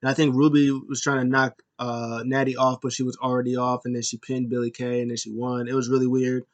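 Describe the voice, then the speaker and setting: A man talking at a middling pitch as he recaps a wrestling show in a loose, casual way. He rambles and corrects himself often, and breaks out in excited bursts now and then. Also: brisk, dull audio. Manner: rambling, many fillers and self-corrections.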